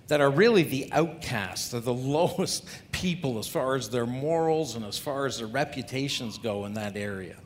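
A man preaching a sermon as a pastor, talking through scripture in a conversational way and asking the congregation rhetorical questions. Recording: long hall reverb, faint rumble.

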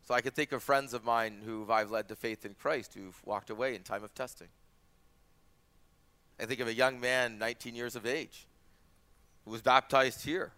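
Pastor guy in his 40s preaching, bright tense voice, chatty, keeps asking "right?". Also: mid-range voice. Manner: conversational preaching with quoted voices, asides and rhetorical questions. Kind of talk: sermon.

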